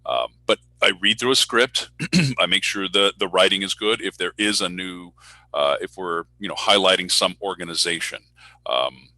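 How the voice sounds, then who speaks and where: A male public address announcer with a low voice and a strong, sharp edge to it. He talks casually over a video call with a dry, close sound, and he slips into other people's voices as he tells his stories. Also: moderate pace, no room sound, rough recording. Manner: animated storyteller who acts out voices in anecdotes. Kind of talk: casual talk in an online speaker Q&A.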